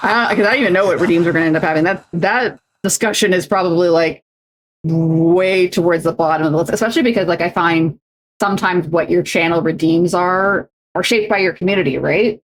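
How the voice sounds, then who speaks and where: A woman's voice: lowish voice, brisk. A young adult woman streamer in casual chat, talking in loose runs full of fillers and restarts. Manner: chatty, many fillers and restarts. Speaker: streamer and co-host.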